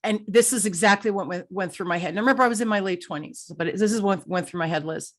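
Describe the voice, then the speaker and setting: A middle-aged woman hosting an interview podcast speaks fast in a mid-range voice. In a conversational style, she tells a candid story and acts out her own thoughts.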